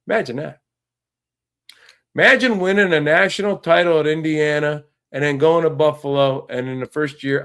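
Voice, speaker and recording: A man's voice: mid-range voice, fairly bright tone. A man hosting a casual sports talk podcast, ranting in a frustrated way and often restarting his sentences. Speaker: podcast host.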